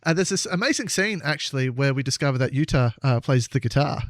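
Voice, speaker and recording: A man co-hosting a comedy podcast, retelling a story with teasing, quick banter. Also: mid-range voice, lively intonation, no room sound, studio quality. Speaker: podcast co-host.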